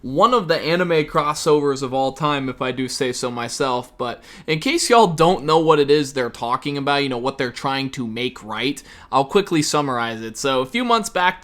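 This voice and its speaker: A man delivers sarcastic reaction commentary in a bright, sharp voice. He talks in a casual, profane way, throwing in mocking asides as he reacts. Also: mid-range voice, moderate pace, hardly any pauses. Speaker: commentary YouTuber.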